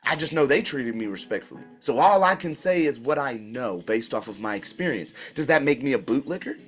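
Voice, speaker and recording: A man hosting his own channel tells a story in a casual, animated way, full of slang and remarks aimed straight at his listeners. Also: medium pitch, fairly quick, faint music behind. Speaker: channel host.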